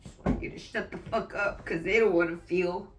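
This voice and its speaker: A woman's voice: lowish voice, fairly even intonation, far from the mic, noisy background. A woman venting in a personal vlog while fighting back tears, swearing often and stopping mid-sentence to restart. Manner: raw, swearing, halting restarts.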